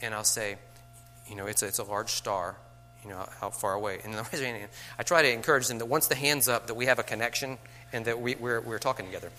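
A man's voice: mid-range voice, steady tone, fast talker, sharp tone, slight background noise. A middle-aged man, a teacher, talking to fellow teachers in a conversational way, with rhetorical asides and light chuckles.

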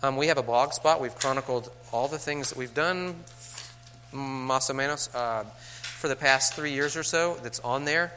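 Bright male workshop speaker, joking, casual, plays out student lines. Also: medium pitch, normal speed, a little hiss or hum. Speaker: teacher giving a workshop to teachers. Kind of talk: casual lecture.

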